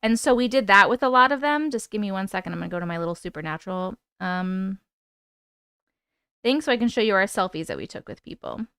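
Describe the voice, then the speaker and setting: A young woman hosting a casual live-stream chat, excited and chatty, swearing now and then. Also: medium pitch, fast, clear, resonant tone, dry recording, clean studio sound. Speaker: host.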